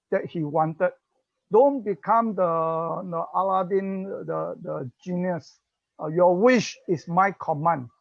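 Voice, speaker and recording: A speaker with a Singaporean English accent giving a parenting talk, explaining slowly, chuckling and acting out parent-child dialogue. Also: medium pitch, creaky, no room sound. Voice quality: slow explaining, mixes in Chinese phrases. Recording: dull, muffled recording.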